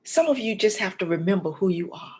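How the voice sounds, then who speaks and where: A woman, a life and health coach, giving a motivational talk straight to the viewer in a preacher-like way, dropping to whispers and rising to loud emphasis. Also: mid-range voice, lively intonation, fairly quick. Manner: addresses the viewer directly.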